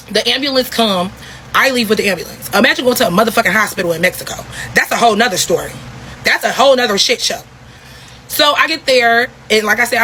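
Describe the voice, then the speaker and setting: A young woman telling a story in a casual vlog, talking in a profane, animated, repetitive way. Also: on the high side, slight background noise, rough recording.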